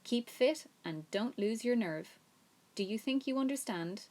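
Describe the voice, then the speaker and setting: A woman reading a storybook aloud, voicing a wise, motherly female spider in a calm, reassuring and slightly brisk way. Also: fairly high pitch. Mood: soothing.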